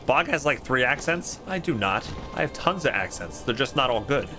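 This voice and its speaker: A man casually commenting while he plays a video game on stream, excitable and quick to exclaim at what happens. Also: mid-range voice. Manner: excitable, exclaims at loot and deaths. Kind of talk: casual let's-play commentary. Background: game music.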